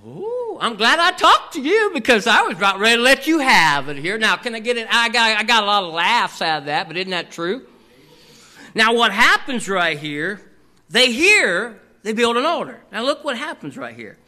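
High bright-voiced pastor preaching, calls for amens, keeps saying "here". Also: male voice, normal speed. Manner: animated, calls for audience response; repetitive filler "here". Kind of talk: sermon.

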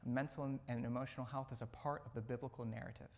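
A man's voice: medium pitch, fairly even intonation, fast talker, darkish tone. A man preaching a sermon in a church, earnest, often repeating phrases for emphasis. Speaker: pastor. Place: church sanctuary.

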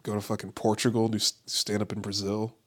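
A man's voice: fairly low pitch, completely flat delivery, a little fast, breathy edge. A man who does stand-up, ranting casually and profanely, rambling with lots of "like" and frequent laughs. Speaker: stand-up comedian. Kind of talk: casual podcast-style rant. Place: Los Angeles area.

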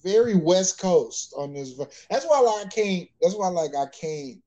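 Higher-voiced man rambling casually. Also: expressive, measured pace, dark tone, lo-fi sound. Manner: rambling, restarts, slangy. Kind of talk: casual chat.

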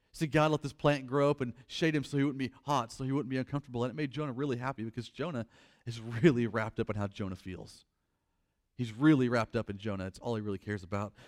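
A pastor preaching a sermon, reading scripture and commenting on it, moving between loud emphatic passages and quiet reflective stretches. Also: male voice, mid-range voice.

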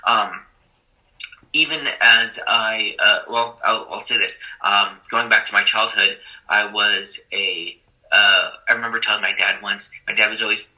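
A man's voice: on the low side, steady tone, measured pace, sharp tone, poor audio. A man, a school teacher, telling his own story in a conversational, self-deprecating way with many fillers. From Puerto Rican and Haitian family. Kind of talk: personal storytelling, testimony.

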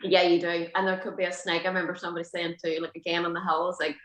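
A woman's voice: fairly low pitch, little pitch movement, quick pace, a bit bright. An Irish woman chatting as a guest, peppering her stories with "like" and "you know". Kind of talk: casual chat. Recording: roomy echo.

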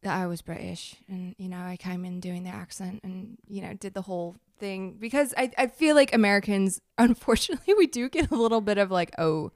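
An actress chatting casually and telling animated stories, with quick asides. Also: female voice, medium pitch, no room sound, clean studio sound. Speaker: actress and guest. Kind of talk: casual chat.

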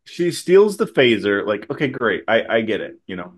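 A man co-hosting a podcast in casual chat, animated, acting out scenes in quoted voices and laughing a lot. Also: lowish voice, normal speed, breathy edge. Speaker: podcast co-host.

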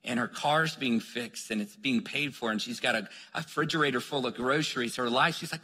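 A man's voice: medium pitch, brisk, few pauses, sharp tone, husky. A man preaching a sermon with energy, telling stories and urging the congregation on with calls of "come on.". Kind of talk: sermon storytelling. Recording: long hall reverb.

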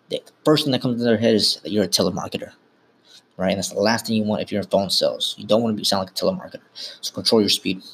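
A podcast host with a fairly low-pitched voice delivers a casual, instructive monologue, frequently correcting himself mid-sentence. The recording carries a little hiss or hum.

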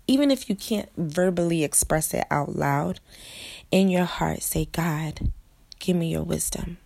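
A woman's voice: lowish voice, vocal fry, no echo. A woman pastor telling a personal testimony in an earnest way, often speaking straight to her listeners as "guys".

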